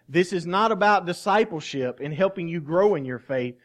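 A man with a high voice preaches in a church, speaking with fervor and urgency. He presses his points hard, swinging between loud declarations and quiet, earnest pleading. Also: lively intonation, normal speed. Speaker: pastor. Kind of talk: sermon. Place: church sanctuary.

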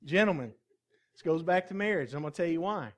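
Preaching briskly in a slightly high, expressive voice, this man pastor keeps his sermon folksy and jokey. He talks conversationally and often puts questions to his congregation.

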